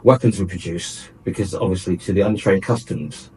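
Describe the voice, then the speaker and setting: A man's voice: low voice, moderate pace, warm tone, slightly rough, rough recording. A man presenting a light-hearted radio chat, telling stories in a wry, joking way.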